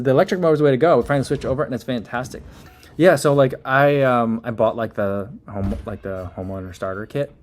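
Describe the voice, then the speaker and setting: A man's voice: mid-range voice, a little mellow, slight background noise. A man in his thirties hosting a casual livestream, reading viewer comments and chatting in a rambling way with many fillers and small laughs. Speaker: livestream host reading chat.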